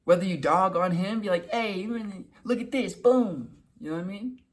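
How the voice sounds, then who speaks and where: A young man with a high, expressive voice hosts a self-help video, giving loose motivational advice to the camera. Conversational in manner, he repeats himself and acts out short quoted exchanges.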